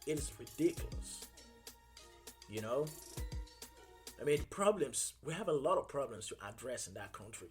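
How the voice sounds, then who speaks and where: A man's voice: mid-range voice, very animated, normal speed, long pauses, faint music behind. A man hosting a talk show, giving emotional, heated commentary and often repeating his phrases. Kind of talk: impassioned commentary.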